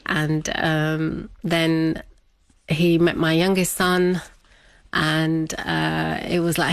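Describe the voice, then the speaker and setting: A woman's voice: on the low side, fairly even intonation, takes it slowly, gravelly, no echo. A middle-aged woman, telling a personal story as an interview guest, chatty and laughing often.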